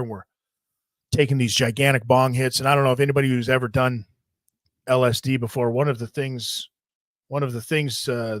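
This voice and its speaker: A man in the middle of his range tells a wild story in a loose, rambling way, swearing freely and getting animated. His voice sits close and dry, with no room around it. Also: mid-range voice, no room sound. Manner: rambling, profane, animated retelling. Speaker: podcast host. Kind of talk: casual storytelling.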